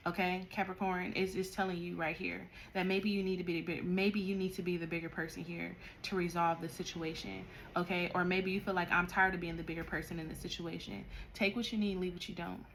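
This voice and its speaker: A woman with a fairly low voice giving a tarot reading, with a faint hiss underneath. She speaks straight to her listener in an animated, no-nonsense way and scolds them when she thinks they need it. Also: brisk, creaky, few pauses. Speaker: tarot reader.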